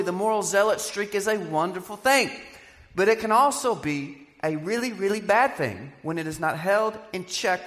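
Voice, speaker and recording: A man's voice: high-pitched, fairly bright tone. Man preaching in a reverberant hall. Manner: conversational, with playful asides. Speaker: pastor. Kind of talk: sermon.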